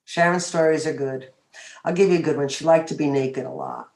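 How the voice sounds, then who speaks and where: A woman's voice: deep voice, a little fast, darkish tone. A middle-aged woman, mother of a co-host, telling stories in casual chat with a chuckle. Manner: storytelling, chuckling. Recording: echoey room recording.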